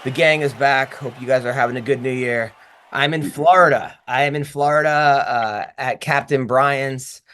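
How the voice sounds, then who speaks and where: A man's voice: mid-range voice, steady tone, normal speed, a bit bright. A man hosting a casual podcast, talking in a rambling way with lots of restarts. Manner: rambling, with many restarts and fillers. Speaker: podcast host and comedian.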